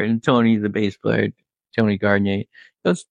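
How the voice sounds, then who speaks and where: Man, recording engineer, low voice, rambling anecdotal storyteller, dry and close. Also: measured pace, creaky, no room sound. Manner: rambling, full of "like" and restarts.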